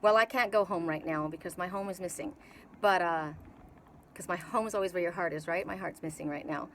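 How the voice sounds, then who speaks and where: A woman's voice: on the low side, brisk, fairly bright tone, a little hiss or hum, poor audio. A middle-aged woman from Canada with a Canadian accent, giving a casual spiritual tarot reading on an outdoor patio and rambling with many restarts and fillers. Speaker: tarot reader.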